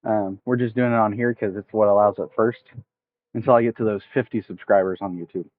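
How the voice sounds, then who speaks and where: A man's voice: lowish voice, steady tone, a little fast, slight background noise. A man from the United States with a mild Southern accent, streaming outdoors at a park, casually explaining fishing rigs step by step while chatting with viewers over a headset mic. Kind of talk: casual fishing livestream tutorial. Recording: tinny dry phone-like headset audio.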